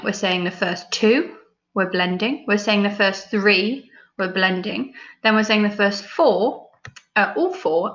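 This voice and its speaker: Slow, encouraging English woman teaching phonics. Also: mid-range voice, fairly bright tone. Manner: slow, exaggerated sounding out of letter sounds; encouraging, praising often. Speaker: primary school teacher. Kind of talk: recorded phonics lesson for young children. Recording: slightly dull lo-fi recording.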